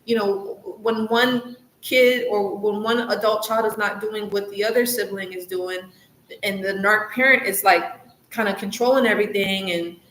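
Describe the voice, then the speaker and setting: A woman talking to camera in a loose, chatty way, with steady mid-range pitch. She sounds earnest and encouraging and circles back over her points. The room is echoey, with a faint hiss underneath. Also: normal speed. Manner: chatty, loose, full of "like" and "you know"; earnest and encouraging, repeats herself for emphasis. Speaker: channel host, coach on recovery from narcissistic abuse. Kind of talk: casual advice vlog.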